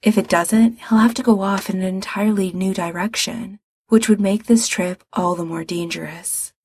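A woman narrating a story in a soft, measured reading voice. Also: medium pitch, steady tone, husky, no echo.

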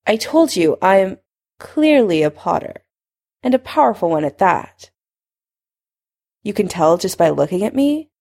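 A woman's voice: mid-range voice, big pitch swings, unhurried, vocal fry, long pauses, darkish tone, heavily acted. A woman voicing a young male wizard who speaks in a wary, blunt way. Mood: guarded.

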